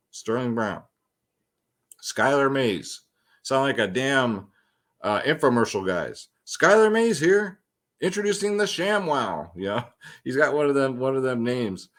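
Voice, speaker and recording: A young man hosting a fantasy sports picks show, talking loosely and slangily with lots of ums and side remarks. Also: medium pitch. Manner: loose, slangy, chatty with many ums and asides. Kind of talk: casual slangy picks breakdown.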